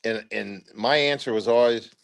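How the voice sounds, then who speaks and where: A man's voice: lowish voice, moderate pace, gravelly. An older man, a retired army officer, telling rambling anecdotes in a casual interview, full of "uh" fillers and acted-out quotes. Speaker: retired brigadier general telling war stories.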